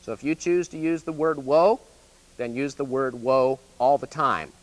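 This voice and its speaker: A man's voice: mid-range voice, normal speed. A man with a Midwestern US accent, an extension educator giving a plain-spoken, folksy horse training lesson, often checking in with "okay?".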